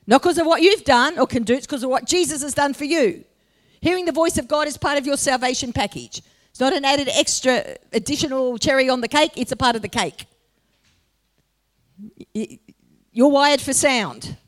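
Higher-voiced woman preaching animatedly. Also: normal speed. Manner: animated, rising to loud emphatic preaching. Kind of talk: sermon.

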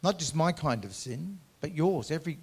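A man's voice: a little high, lively intonation, unhurried, breathy edge. Earnest male pastor preaching. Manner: earnest, swings from loud emphatic to quiet conversational. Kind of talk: sermon.

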